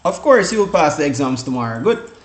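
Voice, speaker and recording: A man's voice: fairly high pitch, sing-song, quick pace. A man from the Caribbean giving a casual exam-prep lesson, rambling with many restarts and fillers, often saying "guys" and "all right". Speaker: exam tutor. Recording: echoey room.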